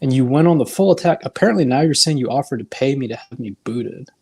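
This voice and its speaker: A man's voice: mid-range voice, expressive, fast talker, creaky, darkish tone, husky. An exasperated man defends himself in a heated argument on a live stream. He tells his side at length and curses when he is interrupted. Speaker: watch community member.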